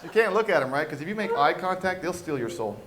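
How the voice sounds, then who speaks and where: Guy doing standup, kinda high voice, lively, noisy club sound behind him. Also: quick pace. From Washington State, US. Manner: animated, jumps into loud character voices. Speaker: stand-up comedian. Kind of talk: stand-up comedy set. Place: comedy club stage with audience laughter. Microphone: handheld stage mic.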